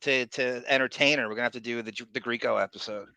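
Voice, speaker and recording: Guy hosting a podcast, bright forceful voice, crude jokey rambling, dry close sound. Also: mid-range voice, fairly even intonation, quick pace, no echo. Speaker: podcast host. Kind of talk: casual chat, greeting live chat viewers.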